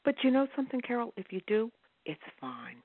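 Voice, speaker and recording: A woman's voice: fairly high pitch, big pitch swings, a little fast. A woman in a study group reassuring a friend, emphatic and encouraging. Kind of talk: encouraging conversation. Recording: dry phone-line audio.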